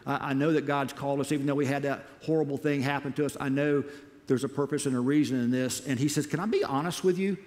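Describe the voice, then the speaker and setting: In a reverberant church auditorium, an American man recounts his missionary experiences as sermon storytelling, his medium-pitched voice rapid and lively. He animatedly re-enacts his earlier words while the big hall echoes at length.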